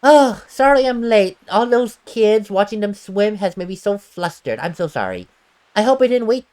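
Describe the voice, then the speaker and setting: A woman voicing a gentle, wistful teenage girl in a video game, reading in a soft, reflective way. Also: mid-range voice, animated, moderate pace, natural voice. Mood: sweet. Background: faint game music.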